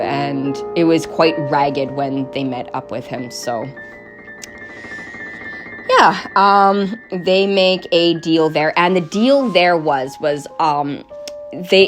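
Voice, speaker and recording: A woman game master casually recounting her tabletop game, rambling with many restarts. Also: sits low. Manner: rambling, full of fillers and restarts. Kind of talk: casual storytelling while knitting.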